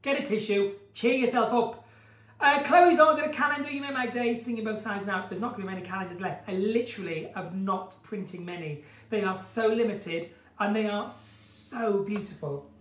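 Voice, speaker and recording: A woman with a croaky voice hosts an unscripted live stream from her countryside home. She is chatty and gushing as she reads out viewers' comments. The phone sits a little way from her, so her voice comes through roomy and distant. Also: mid-range voice, normal speed. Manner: chatty, gushing, flamboyant, breaks into song.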